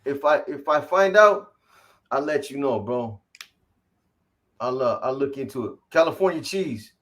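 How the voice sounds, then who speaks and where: A man hosting a casual livestream, reading off viewer names in quick shout-outs and slangy greetings. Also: mid-range voice, expressive. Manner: rattles off viewer shout-outs, slangy, calls people boy. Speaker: livestream host.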